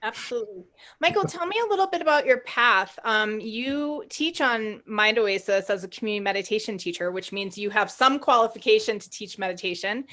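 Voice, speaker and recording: Female podcast host with a bright, crisp voice, friendly interviewer. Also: medium pitch, animated, brisk. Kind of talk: interview questions.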